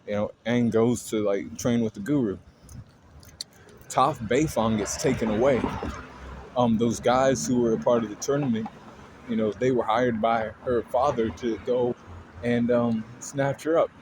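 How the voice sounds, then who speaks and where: A man's voice: medium pitch, steady tone, measured pace, background noise. A man casually retelling a story in a loose, rambling way, full of fillers and swearing.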